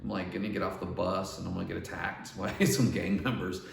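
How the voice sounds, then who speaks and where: Middle-aged man, gravelly low voice, rambling storyteller, roomy far-off mic. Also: little pitch movement, fairly quick, a little hiss or hum. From Northern California. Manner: rambling, restarts, quotes others in dialogue. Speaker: artist vlogger. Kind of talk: casual storytelling. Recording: echoey room, mic at a distance, faint ambience.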